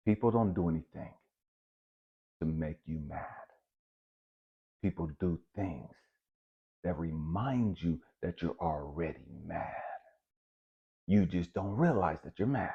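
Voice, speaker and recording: A man's voice: low voice, slow, long pauses, breathy edge. A man giving a blunt, profane spiritual motivational monologue, repeating his points for emphasis. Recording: dull lo-fi recording.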